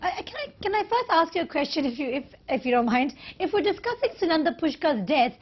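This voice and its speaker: A woman's voice: high-pitched, very animated, quick pace, highs cut off. A woman playing a socialite panelist who keeps pressing questions. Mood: probing. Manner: hesitant then persistent questioning.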